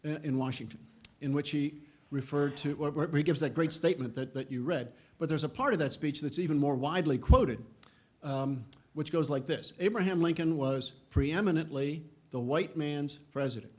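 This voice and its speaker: Earnest male historian lecturing. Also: a little mellow. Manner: earnest, halting restarts, rises in pitch and volume when reading quotations. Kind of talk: public lecture.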